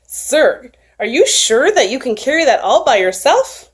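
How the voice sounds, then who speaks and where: A woman's voice: sits high, sing-song, unhurried, slightly rough, exaggerated voice. A woman voicing a polite but cautious male sweet-shop keeper in a storybook tale. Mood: doubtful.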